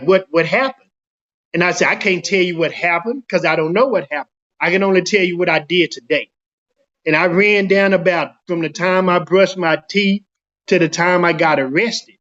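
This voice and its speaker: A middle-aged man from Dallas, Texas tells his own story in a casual interview, animatedly acting out the voices of the people in it. His voice sits high, and the sound is lo-fi.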